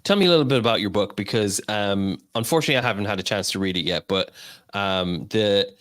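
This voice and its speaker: A man's voice: lowish voice, fast, fairly bright tone, no room sound, studio quality. A man hosting a casual interview, rambling with many fillers and short laughs as he talks. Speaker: interview host.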